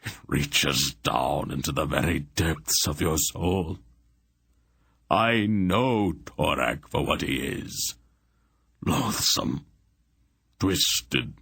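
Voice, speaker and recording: A man's voice: very deep voice, fairly bright tone, no echo, clean studio sound, exaggerated voice. A man voicing a broken, sobbing sorcerer. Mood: anguished. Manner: hoarse sobbing lament. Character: tormented older male sorcerer, broken and despairing.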